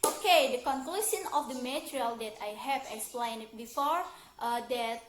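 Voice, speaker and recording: A woman's voice: on the high side, moderate pace. A young woman with an Indonesian accent, a university student giving a careful, explanatory class presentation. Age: young adult. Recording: echoey room, faint background noise.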